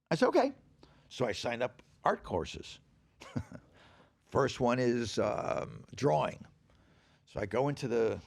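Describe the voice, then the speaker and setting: An older man, a podcast guest, telling stories in casual chat, animated and profane, laughing as he acts out the people he quotes. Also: mid-range voice, vocal fry, no room sound. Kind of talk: casual storytelling.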